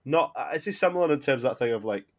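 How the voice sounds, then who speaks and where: A Scottish man in a casual podcast chat, speaking in a halting, hedging way. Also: medium pitch, expressive. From Scotland. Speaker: podcast co-host.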